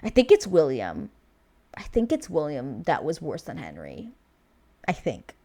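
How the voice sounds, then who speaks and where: A woman whose voice sits low gives a chatty, unscripted reality-show review in a casual vlog, at a measured pace. She's animated, with plenty of fillers and restarts.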